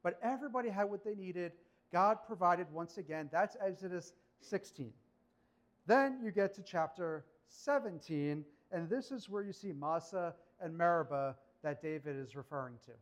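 High-voiced man preaching conversationally. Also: normal speed. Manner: conversational, animated, rhetorical questions. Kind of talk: sermon.

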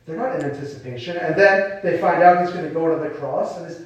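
A man preaches a sermon in a relaxed, conversational way, slipping into quoted voices as he goes. His voice sits high for a man. He is heard from a distance in a strongly echoing hall. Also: a little fast. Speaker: pastor. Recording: echoey hall, mic far off.

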